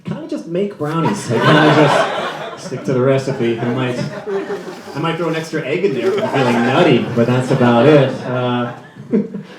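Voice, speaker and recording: A man's voice: medium pitch, moderate pace. Echoey stand-up man with the crowd laughing. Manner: loose, chatty and self-mocking, with many fillers. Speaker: stand-up comedian. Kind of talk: stand-up comedy set. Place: comedy club stage before a live audience.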